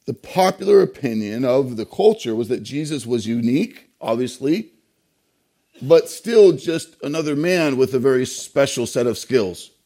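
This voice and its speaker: A male pastor delivering a sermon in a mellow, darker voice. He leans on key words and poses rhetorical questions to the congregation, pausing to let them land. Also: medium pitch, lively intonation. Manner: emphatic preaching with rhetorical questions and pauses.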